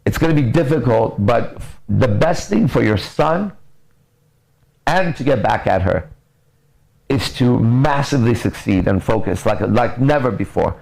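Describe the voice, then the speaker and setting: Blunt, gravelly-voiced male coach. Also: medium pitch, unhurried, poor audio. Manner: blunt, profane, lively storytelling. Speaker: mindset and relationship coach. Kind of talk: casual podcast advice talk.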